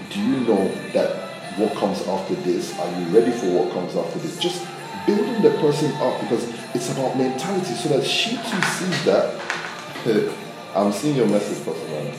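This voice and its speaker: A man preaches in a loose, conversational way, acting out little quotes as he goes. His voice sits a bit low and rings around a very echoey room. Music plays clearly underneath him. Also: normal speed, recorded from a distance. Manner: conversational, animated, acts out quotes. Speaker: pastor. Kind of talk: sermon.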